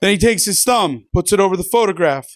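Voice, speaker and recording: A man who works as a first responder, telling a slow-building dark-humored story on stage. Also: sits high, expressive, no echo. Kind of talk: stand-up storytelling.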